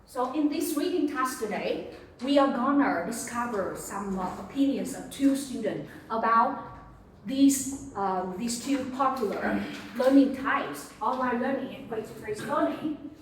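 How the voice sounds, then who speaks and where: A woman's voice: a little high, measured pace, a little hiss or hum. A woman teaching English to a class, patiently prompting students and repeating words. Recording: echoey classroom from far off.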